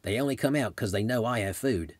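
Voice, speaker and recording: A man's voice: medium pitch, a little fast, dry recording, close to an everyday voice. Man putting on an easygoing older Australian kangaroo feeder. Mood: calm instructive. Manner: gentle, instructive.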